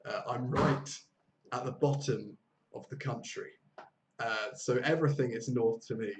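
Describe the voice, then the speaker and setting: A man with a southern English accent hosting a live online English lesson over a video call, explaining phrases by repeating them slowly. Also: mid-range voice. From southern England. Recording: echoey room with faint noise.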